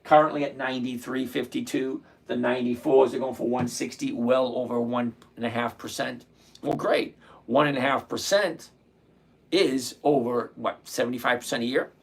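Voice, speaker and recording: A man, hosting a casual trading livestream and chatting with viewers by name, relaxed and quick to laugh. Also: mid-range voice, gravelly, husky. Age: 60s. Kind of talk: casual livestream chat reading viewer comments.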